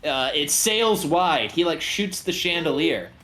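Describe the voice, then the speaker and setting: A man running a tabletop game as game master, relaxed and jokey. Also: a little high, unhurried, soft background music. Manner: relaxed, jokey, voices bandits in passing.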